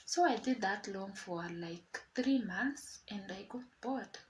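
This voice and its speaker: Young woman, storytime vlogger, chatty, middling pitch, faint hiss with clicks behind. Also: takes it slowly, low-quality recording. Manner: chatty, animated retelling with quoted dialogue. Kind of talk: casual storytime.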